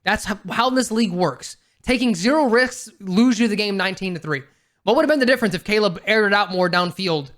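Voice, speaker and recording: A man's voice: high-pitched, a little fast, a bit bright. A man co-hosting a casual sports podcast, talking bluntly and emphatically and swearing casually. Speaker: podcast co-host.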